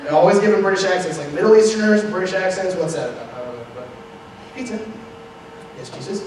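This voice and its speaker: A man's voice: high-pitched, animated, racing, darkish tone. A young man doing a stand-up set in a wry, conversational manner at a live venue. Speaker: stand-up comedian. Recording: echoey room from far off, noisy.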